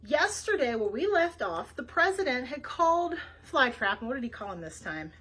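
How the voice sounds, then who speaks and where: A woman's voice: sits high, sing-song, normal speed, fairly bright tone, husky. A woman librarian hosting a children's read-aloud, chatty and laughing easily as she rambles. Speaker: librarian host.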